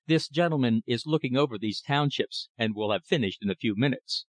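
A man's voice: mid-range voice, animated, brisk, dry recording, close to an everyday voice. A man reading the part of a polite government clerk who speaks delicately and respectfully.

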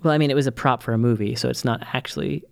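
A man in casual podcast chat as co-host, rambling and animated with quick asides. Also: medium pitch, vocal fry.

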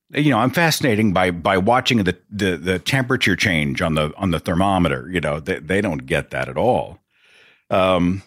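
A man's voice: deep voice, a bit bright, no room sound, studio quality. A man hosting a podcast alone, talking in a casual, rambling way with chatty asides. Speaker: podcast host. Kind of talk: casual solo monologue.

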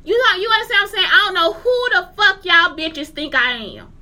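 A woman in her forties vents in a furious, profanity-laden rant straight to her audience. Her voice sits extremely high and cuts with a piercing, tense edge. She keeps pressing listeners with rhetorical checks that they follow her. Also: lively intonation, a little fast, pushed and bright. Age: 40s. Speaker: teacher. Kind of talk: angry rant to camera.

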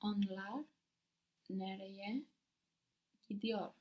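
A woman's voice: mid-range voice, steady tone, drawn-out words, a little mellow. A woman student answering in a language lesson with short, tentative replies.

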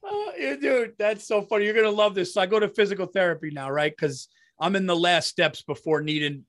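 A man's voice: high-pitched, a little fast, a bit bright, no echo, studio quality. A man co-hosting a podcast who rants in an exasperated, profane way during casual banter. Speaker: podcast co-host.

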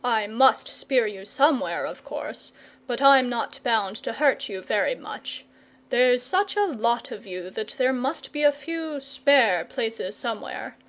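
A woman's voice: a little high, expressive, a little slow, a bit bright. A woman voicing a frank, pleasant, patient male knight in a storybook reading. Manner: frank and persuasive.

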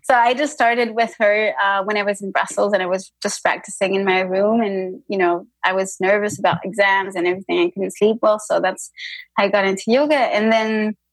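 A woman's voice: mid-range voice, steady tone, a little fast, no echo, rough recording. Woman with a mixed French-Spanish accent. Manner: thoughtful, hesitant, many restarts. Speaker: podcast guest, yoga teacher. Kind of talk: casual conversational interview.

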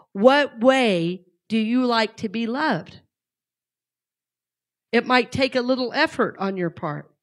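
A middle-aged woman talks to a live audience in a relaxed, conversational way and keeps asking them questions. Her voice sits a little high. Her speech has natural fillers and restarts. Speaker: speaker.

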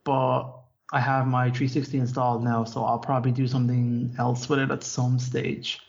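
A man's voice: mid-range voice, flat delivery, normal speed, slightly rough. A man co-hosting a podcast in a casual, rambling chat that is peppered with swearing. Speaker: podcast co-host. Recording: dull lo-fi podcast audio.

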